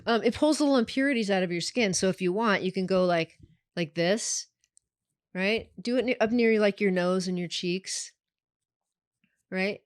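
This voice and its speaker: A woman's voice: mid-range voice, moderate pace, pauses often, dry recording, studio quality. Giggly woman podcast host. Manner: giggly, chatty. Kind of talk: casual chat.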